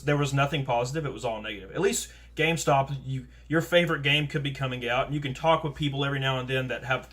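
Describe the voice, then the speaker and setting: Animated man telling work stories. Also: mid-range voice. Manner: animated storytelling, acting out quoted people. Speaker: podcast host. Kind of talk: casual chat.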